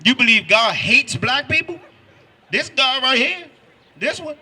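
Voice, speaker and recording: A man's voice: extremely high pitch, sing-song, a little slow. A man preaching on a city street, firing pointed questions at passersby. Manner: forceful, quizzes listeners with pointed questions.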